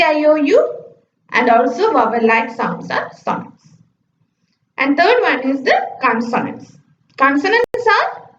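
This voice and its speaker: A woman teaches at an unhurried pace. Her high voice rises and falls a lot as she explains each point. The sound is roomy and slightly muffled, like a lo-fi classroom recording. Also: slight background noise. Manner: explains step by step, often saying "okay". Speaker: lecturer. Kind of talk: slide-based phonetics lecture. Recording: echoey, dull lo-fi room recording.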